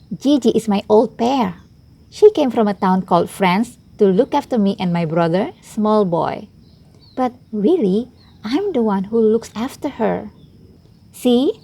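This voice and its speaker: A woman reading a children's picture book aloud in a playful, expressive first-person voice. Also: fairly high pitch, gravelly, breathy edge. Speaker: storybook reader.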